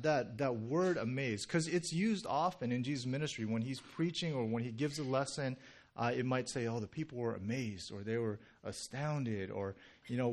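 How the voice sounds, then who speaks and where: Animated, chatty male pastor preaching. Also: medium pitch. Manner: conversational, animated, with many fillers and restarts. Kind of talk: sermon.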